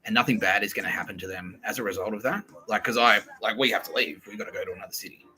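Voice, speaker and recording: An Australian podcast host tells a comedic story, swearing freely and animatedly acting out the voices of the people involved. His voice is on the low side and rapid-fire, and the recording is rough.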